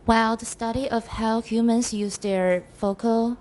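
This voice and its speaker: A woman student reads a textbook passage aloud in a classroom, her voice mellow and fairly high. She goes carefully and sometimes stops to fix a word. Faint room noise sits behind her. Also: steady tone. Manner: careful, halting reading with self-corrections.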